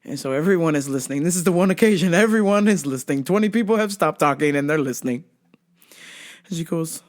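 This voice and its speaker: A man's voice: on the high side, expressive, quick pace. A man hosting a podcast, telling stories casually, swearing freely and laughing at his own jokes. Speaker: podcast host. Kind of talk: casual storytelling monologue.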